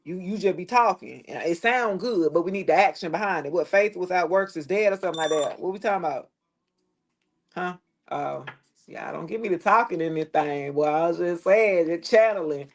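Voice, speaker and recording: A woman giving a casual tarot reading to the camera, blunt and preachy, swearing freely and dropping her voice low at times. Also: fairly quick. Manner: preachy, blunt and profane, with loose slangy phrasing; drops into a lower tone at times. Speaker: tarot reader.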